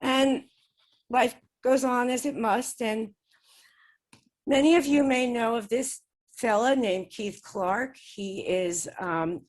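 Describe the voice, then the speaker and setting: Slow-paced and fairly high in pitch, a woman guest chats casually about her personal experiments communicating with spirits. Small laughs come often between her sentences.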